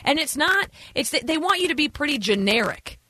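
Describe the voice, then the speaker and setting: A woman's voice: high voice, sing-song, brisk, sharp tone, no echo. A woman co-hosting a radio show with a slight Southern accent, chatting and telling stories casually. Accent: slight Southern American. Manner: chatty, storytelling, conversational.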